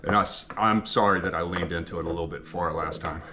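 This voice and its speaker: A man's voice: deep voice, fairly even intonation, fast talker, background noise. A man, chatting casually and rambling to the camera, with lots of ums and restarts. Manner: folksy, digressive, frequent ums and restarts. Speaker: home ethanol maker vlogger.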